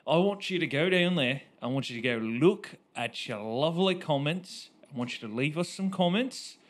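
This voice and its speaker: A man's voice: on the high side, expressive, moderate pace. A man co-hosting a podcast, playfully urging listeners with repeated requests in a casual sign-off. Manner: playful, repetitive exhortations to listeners. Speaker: podcast co-host.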